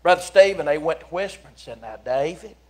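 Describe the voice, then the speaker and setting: A man preaches in a church, his voice sitting fairly high for a man. He tells the story in a folksy, animated way, swinging from loud calls to hushed asides. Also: quick pace. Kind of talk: sermon. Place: church sanctuary.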